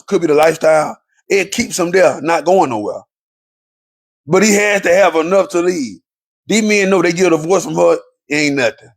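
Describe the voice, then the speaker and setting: A man delivers a preachy monologue straight to his viewers, hammering each point through repetition. His voice is gravelly and husky and sits a little high for a man. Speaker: relationship commentator.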